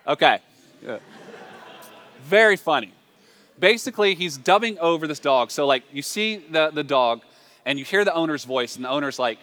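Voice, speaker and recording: A man, a pastor, preaching a sermon in a lively, joking, conversational way. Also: a little high, moderate pace, pauses often. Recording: long reverb in a large hall.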